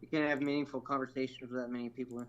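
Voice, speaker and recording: Relaxed man on a dull lo-fi line. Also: medium pitch, racing, slight background noise. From Oregon. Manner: relaxed, agreeable, lots of filler words. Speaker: fellow storm chaser guest. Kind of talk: casual livestream chat.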